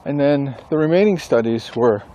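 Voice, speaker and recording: Mellow-voiced man musing aloud. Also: medium pitch, lively intonation, lo-fi sound. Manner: musing, thinks aloud with pauses and self-corrections. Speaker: author and instructor. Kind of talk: casual rambling monologue.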